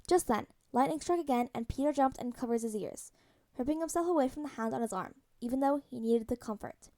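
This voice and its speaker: A woman narrating a story aloud as a podfic, her voice fairly high yet mellow and warm. She reads in a soft, even storytelling manner, steady from line to line. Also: a little fast. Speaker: podfic reader. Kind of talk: audiobook-style fan fiction reading.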